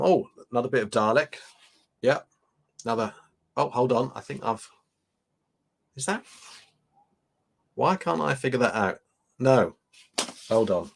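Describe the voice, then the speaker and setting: A chatty man hosting a live stream, rambling easily as he reads out viewers' comments. His voice sits at an ordinary middle pitch, and he talks in a loose, unscripted way at a desk mic. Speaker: livestream host. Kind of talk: casual live unboxing chat.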